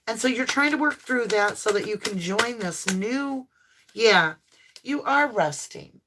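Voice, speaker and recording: Her voice on the high side, a tarot reader does a live reading for viewers amid background noise. She talks effusively and affirmingly, exclaiming often.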